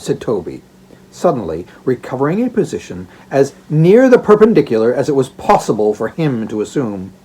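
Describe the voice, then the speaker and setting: A man's voice: mid-range voice, sing-song, moderate pace, mellow, slightly rough. A man narrating a classic story aloud for an audiobook, in a theatrical storytelling manner. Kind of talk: expressive narration of a classic novella.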